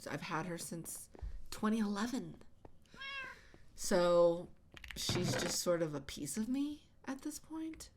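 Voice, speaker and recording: A woman host chatting casually while she plays, halting with many fillers and restarts, often sighing. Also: fairly low pitch, expressive, a little mellow. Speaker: channel host. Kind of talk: casual chat while gaming. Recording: audible background noise.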